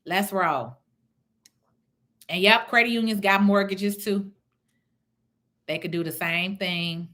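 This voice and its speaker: Speaking slowly at a medium pitch with frequent pauses, this middle-aged real estate investor from Chicago answers viewer comments on her casual livestream. She's blunt, animated, and swears freely.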